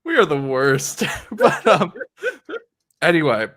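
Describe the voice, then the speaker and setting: A man's voice: a little high, very animated, takes it slowly, fairly bright tone. A young man hosting a casual podcast chat about comics, retelling the story in a rambling way full of "like" and "um". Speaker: podcast host. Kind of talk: casual comic book discussion.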